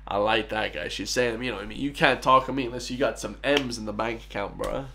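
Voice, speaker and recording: A man's voice: lowish voice, brisk, vocal fry, bright, forceful tone, a little hiss or hum. A man with an Irish accent hosting a reaction video in a casual, chatty way, often laughing and calling his viewers guys and bro. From Ireland.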